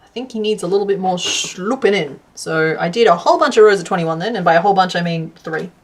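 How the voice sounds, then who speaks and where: A woman chatting casually to her stream from home while she crochets, laughing often and counting stitches out loud. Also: on the low side, fast talker. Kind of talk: casual livestream chat.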